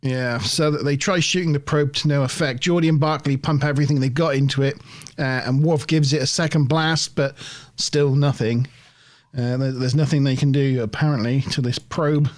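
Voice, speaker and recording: A man's voice: medium pitch, fairly even intonation, normal speed. A man hosting a review podcast, casually recapping an episode scene by scene with a chatty, lightly laughing manner. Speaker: podcast host.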